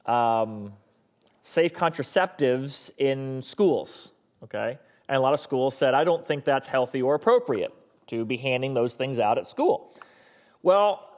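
A man preaching a sermon in a conversational way, acting out quotes from people in the stories he tells. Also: fairly high pitch. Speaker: pastor.

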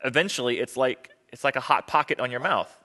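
A man's voice: mid-range voice, fairly quick, bright, forceful tone. A man preaching a sermon as pastor, talking conversationally and joking with the congregation.

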